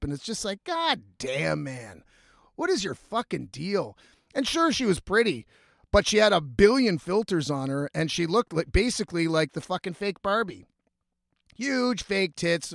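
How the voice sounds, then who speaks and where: A man telling a story in a casual, animated, heavily profane way, rambling as he goes. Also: on the high side, normal speed, creaky, dry recording, clean studio sound. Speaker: vlogger.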